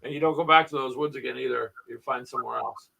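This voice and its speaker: Gravelly, bright-voiced joking man. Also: mid-range voice, quick pace, far from the mic. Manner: joking, teasing banter. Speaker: host. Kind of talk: casual chat.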